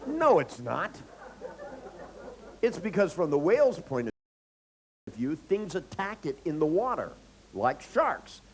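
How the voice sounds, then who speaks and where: Animated profane stand-up comic man. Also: fairly high pitch, slow, long pauses, rough recording. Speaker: comedian. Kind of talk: stand-up comedy monologue.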